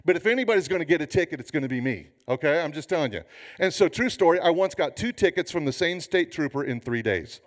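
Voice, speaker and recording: A man in his fifties, a pastor preaching a sermon with humorous, animated storytelling. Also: a little high, fast talker.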